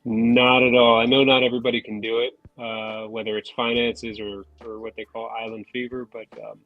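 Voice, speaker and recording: A man's voice: mid-range voice, little pitch movement, moderate pace, dry recording, phone-quality sound. Man telling stories, chatty, dry sound. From New Jersey. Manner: rambling storyteller, self-mocking, laughs between remarks. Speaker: podcast guest. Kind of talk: casual chat over a remote call. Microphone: phone on a remote call.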